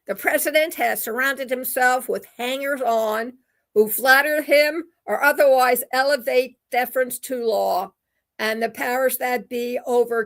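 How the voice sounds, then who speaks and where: A woman's voice: on the high side, gravelly. A woman hosting a talk radio show, reading news quotes with sarcastic asides. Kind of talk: opinion commentary reading quotes.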